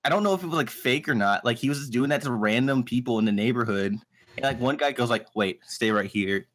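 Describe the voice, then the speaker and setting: A man's voice: mid-range voice, quick pace, fairly bright tone. A young man, a podcast guest, chatting casually and rambling through stories with lots of filler words. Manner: rambling storytelling with many fillers. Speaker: podcast guest, video reviewer.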